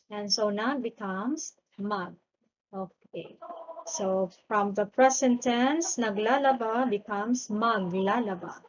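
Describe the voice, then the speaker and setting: A woman's voice: fairly high pitch, dull audio. A woman teaching a grammar lesson, patiently repeating each word twice. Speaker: language teacher. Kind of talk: grammar lesson with slow drilled repetition.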